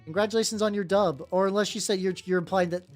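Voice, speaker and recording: The voice is medium-pitched and steady, moving at a quick pace. It belongs to a streamer with no notable accent who paints miniatures while chatting casually on a live stream, rambling with plenty of fillers and offhand swearing as faint music plays behind.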